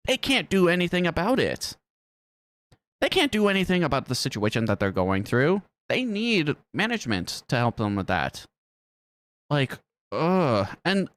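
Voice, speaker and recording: A man's voice: mid-range voice, fairly bright tone, clean tone. A man reacting on a live stream with casual, profane commentary, ranting and laughing often.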